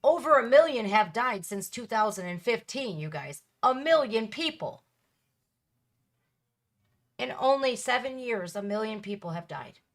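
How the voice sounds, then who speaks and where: A woman's voice: a little high, sing-song, a little slow. Candid, emphatic woman reacting on camera. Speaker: reaction video host. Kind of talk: casual reaction commentary.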